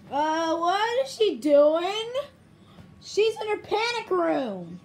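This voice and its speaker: A woman playing with toys and acting out scenes in excitable voices, prone to shouty outbursts, over a faint hiss. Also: sits high, slow pace. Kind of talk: toy play with character voices.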